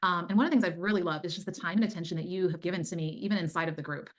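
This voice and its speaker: A woman's voice: fairly low pitch, racing. A middle-aged woman, a time management coach, telling her story as an interview guest in an earnest, faith-filled way. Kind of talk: casual interview chat.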